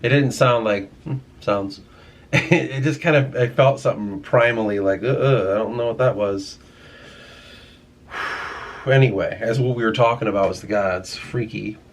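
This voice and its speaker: A man's voice: fairly low pitch, moderate pace. A young man musing casually to his camera at home, rambling and swearing often, trailing off mid-thought. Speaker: vlogger. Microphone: camera mic.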